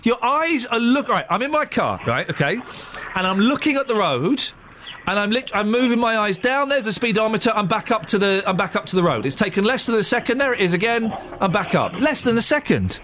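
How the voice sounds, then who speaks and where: A man's voice: high voice, expressive, fairly quick, fairly bright tone, a little hiss or hum. A man hosting a radio phone-in, chatty and teasing, who plays along patiently with his caller. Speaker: radio host.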